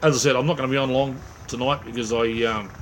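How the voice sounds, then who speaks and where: A fast-talking Australian host with a steady, mid-range voice chats with his late-night livestream viewers, with a little hiss or hum in the background. Tired from little sleep, he rambles on easygoingly, leaning on "mate," "um," fillers, and friendly slang.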